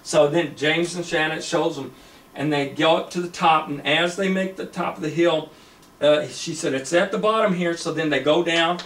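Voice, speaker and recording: A man rambles through a spoken story, full of fillers and restarts. His voice sits high for a man, and he sounds far from the mic in an echoey room. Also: fairly even intonation, moderate pace, fairly bright tone. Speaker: storyteller pitching a screenplay. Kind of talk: casual spoken story retelling.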